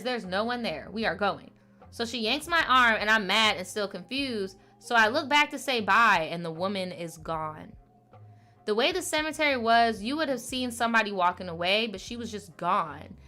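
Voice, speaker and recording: A woman with a bright, forceful voice hosts a relaxed show. She reads viewer letters aloud and breaks in with chatty, playful asides full of fillers. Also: a little high. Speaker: podcast host reading viewer stories. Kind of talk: casual chat, reading letters aloud.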